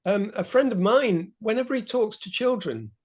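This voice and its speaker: A man with a high voice leads a group talk over a video call. He is chatty and rambles a little, with easy laughs. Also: animated, normal speed. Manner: chatty, meandering, light laughs.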